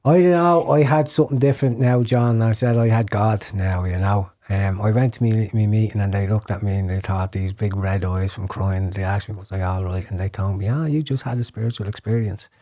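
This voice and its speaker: Low, mellow-voiced Irish man telling his story. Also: steady tone, fairly quick, few pauses. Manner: earnest storytelling, drops to a hushed whisper when recalling prayers; frequent repeated words and restarts. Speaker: guest telling his testimony. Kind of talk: emotional personal testimony in a podcast interview.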